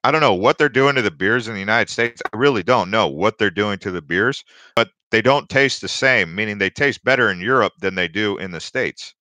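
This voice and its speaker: A fairly quick, sharp-toned voice on the low side comes from a young man running a crypto livestream. He rambles through stories and viewer comments in a chatty way, with many fillers and restarts, recorded without echo.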